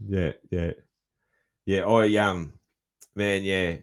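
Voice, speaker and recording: Laid-back deep-voiced Australian man. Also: steady tone, extremely slow. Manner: laid-back, swears often, says man a lot. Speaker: podcast host. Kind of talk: casual chat.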